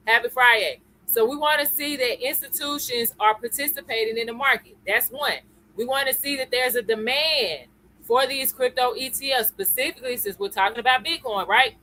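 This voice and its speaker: A woman's voice: fairly high pitch, pushed and bright, poor audio. A woman hosting a live-stream lesson. She talks in a chatty way, greets viewers by name and keeps checking in with "okay?" and "y'all.". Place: at home computer.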